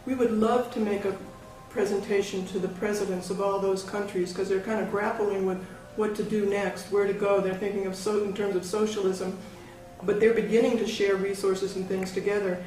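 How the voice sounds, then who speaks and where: A woman's voice: mid-range voice, flat delivery, normal speed, a little mellow. A woman talking casually and hesitantly, often restarting her sentences. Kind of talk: casual conversation. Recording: very echoey room, far mic, faint music.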